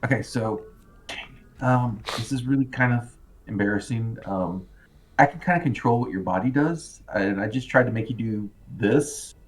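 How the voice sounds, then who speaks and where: A man's voice: mid-range voice, moderate pace, natural voice. A man voicing a hesitant, apologetic psychic teenager who can control other people's bodies. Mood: sheepish.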